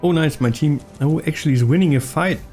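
A man giving excitable gameplay commentary, swearing and laughing as he plays. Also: a little high, brisk, faint music behind. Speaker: gaming YouTuber.

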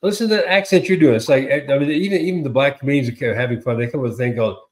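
A man co-hosting a casual political chat, animated and sarcastic, who often repeats words and acts out quotes. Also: medium pitch, racing. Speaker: co-host.

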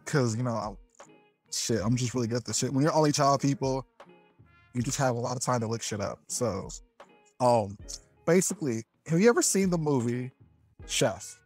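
A man's voice: mid-range voice, lively intonation, normal speed, pauses often, a little mellow, faint music behind. A man on a casual podcast, rambling through explanations with lots of swearing. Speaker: podcast co-host, quiz contestant. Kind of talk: casual chat.

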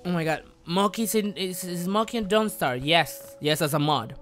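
A man streaming a game live, commenting excitably, muttering and repeating himself, then bursting into loud yelps and swearing. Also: sits high, moderate pace, faint music behind. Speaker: gaming streamer.

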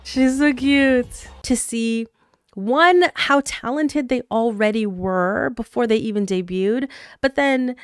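A woman hosts a K-pop reaction video, gushing and exclaiming as she watches, chatting casually and laughing often. Her voice sits a little high and she takes her time, with a clean tone and no echo. The show's audio plays underneath.

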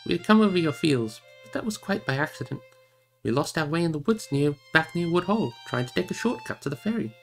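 Male reader doing a breezy young hobbit: lifted pitch, quick polite patter, slight gravel. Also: big pitch swings, faint music behind.

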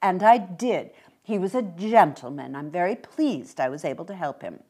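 A woman's voice: on the low side, animated, moderate pace, warm tone, husky. Woman voicing a bossy, suspicious mother. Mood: self-satisfied. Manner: indignant and commanding.

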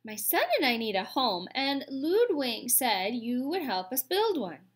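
A woman voicing a calm, polite female robot who speaks slowly and formally, without contractions. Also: high voice.

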